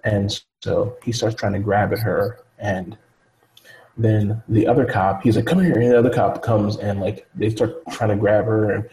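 A man's voice: on the low side, level tone, moderate pace, dark tone, low-quality recording. A man telling a story in casual chat, loose and rambling, with many fillers, acting out the people he quotes.

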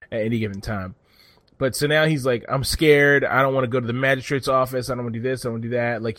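A man's voice: mid-range voice, no echo. A man telling a story in casual chat, rambling and cursing freely as he goes. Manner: profane, rambling, animated storytelling.

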